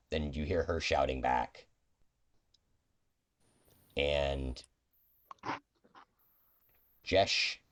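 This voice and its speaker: A man narrating as game master of a tabletop game, loose and full of fillers. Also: extremely low pitch.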